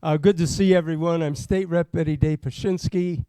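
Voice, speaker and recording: A man, a state legislator from Pennsylvania, gives an impassioned political speech that builds to loud, emphatic calls. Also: a little high, steady tone, moderate pace, clean tone, no room sound.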